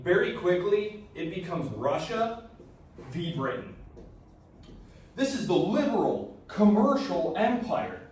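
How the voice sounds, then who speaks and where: A man with a fairly high voice gives a casual, joking history lecture, now and then acting out countries in quick asides. He is recorded from a distance in a very echoey lecture hall, with a faint hum of room noise behind him. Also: darkish tone. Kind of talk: classroom lecture.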